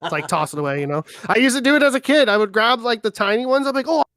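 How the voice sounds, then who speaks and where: A woman hosting a casual talk show, telling animated stories with frequent laughs and lots of fillers. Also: fairly high pitch, very fast, dry recording, clean studio sound. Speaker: podcast host. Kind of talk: casual storytelling chat.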